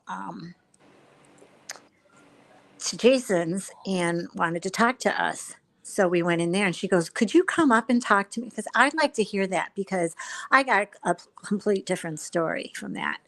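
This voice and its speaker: A woman's voice: mid-range voice, fairly bright tone, rough recording. Chatty woman retelling online drama. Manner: chatty storyteller, retells conversations with quoted voices. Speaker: livestream host. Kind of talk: casual chat on a live stream.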